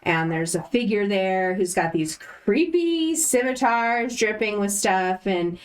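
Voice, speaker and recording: A woman's voice: mid-range voice, big pitch swings, slow pace. A woman casually recapping a tabletop game session, hesitant with lots of ums and restarts, heard from a distant mic. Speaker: player recapping the last session.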